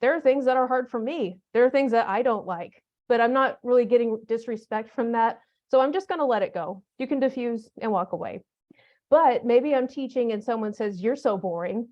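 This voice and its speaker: A woman leads a teacher workshop in a relaxed, conversational way, using humor and everyday classroom examples. Her voice sits on the higher side. The recording is dull and lo-fi. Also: brisk. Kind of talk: conference workshop talk.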